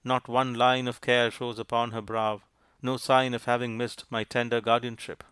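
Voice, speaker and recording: A man's voice: mid-range voice, little pitch movement, normal speed, fairly bright tone, smooth, no echo, natural voice. Proud offended prince, male narrator voicing, cold, aloof, dry close sound. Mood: resentful. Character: proud jealous prince, wounded dignity.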